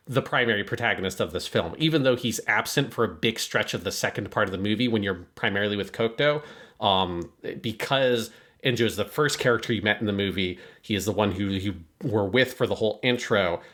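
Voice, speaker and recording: Low-voiced man explaining anime lore. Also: animated, fast talker, fairly bright tone. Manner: explanatory, heavy use of "like" fillers. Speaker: podcast co-host. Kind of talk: casual analytical discussion.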